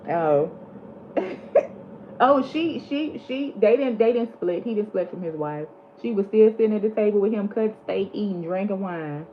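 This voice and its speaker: A woman's voice: mid-range voice, lively intonation, normal speed. A woman, chatting casually on her vlog and animatedly retelling movie scenes. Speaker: vlog host. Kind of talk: casual chat. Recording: slightly dull lo-fi audio with faint background hiss.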